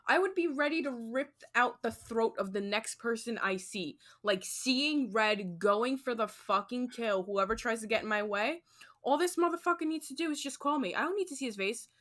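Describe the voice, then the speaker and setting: Lively, foul-mouthed young woman co-host. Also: on the high side, normal speed. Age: 20s. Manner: animated, profane, storytelling. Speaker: podcast co-host. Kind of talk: casual chat.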